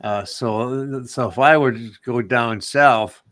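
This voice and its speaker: A man's voice: medium pitch, takes it slowly, fairly bright tone, no echo. A man co-hosting a casual chat show, talking in a rambling, meandering way. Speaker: co-host.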